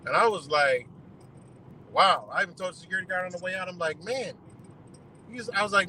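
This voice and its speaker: A man hosting a livestream, talking in an animated, profane rant and repeating himself in disbelief. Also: fairly high pitch, fast, a little hiss or hum, poor audio. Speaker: livestream host.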